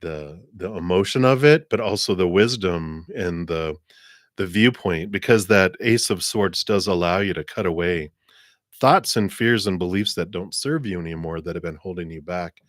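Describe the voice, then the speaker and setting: A man with a very low voice reads tarot cards for viewers on a livestream. He talks in a friendly, chatty flow and clears his throat every so often. The sound is dry and close. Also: moderate pace, no room sound. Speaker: tarot reader.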